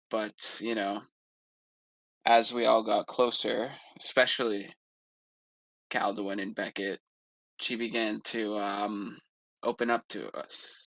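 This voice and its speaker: A man playing a grieving, protective male adventurer, telling a slow, halting story in character during a tabletop role-play. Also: on the low side, creaky, sharp tone, no echo, heavily acted, rough recording.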